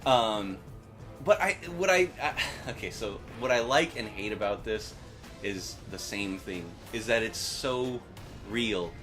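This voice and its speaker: A young man co-hosting a casual podcast, animated and analytical as he argues points about a TV episode, laughing easily. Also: lowish voice, slow, music in the background. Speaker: podcast co-host. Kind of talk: casual chat recapping a TV episode.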